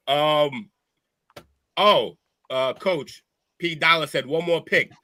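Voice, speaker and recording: A man's voice: on the high side, extremely slow, bright, forceful tone. A man hosting a casual sports show with friends, loose and joking, swearing often. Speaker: sports podcast host.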